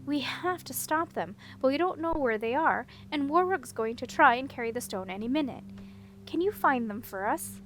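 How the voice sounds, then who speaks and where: A woman's voice: high-pitched, animated, moderate pace, a little hiss or hum. A woman reading a headstrong young princess in an audiobook, earnest and pressing. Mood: urgent.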